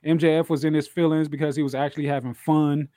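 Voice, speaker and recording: A man's voice: fairly high pitch, level tone, quick pace, crowd noise. A man co-hosting a casual podcast chat, swearing a lot and repeating phrases for emphasis. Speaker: podcast co-host.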